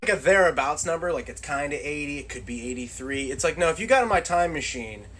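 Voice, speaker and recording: A man's voice: fairly high pitch, lively intonation, fast talker, a bit bright, slight background noise, poor audio. A middle-aged man hosting his own channel, talking casually in a loose, rambling monologue full of fillers. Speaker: channel host.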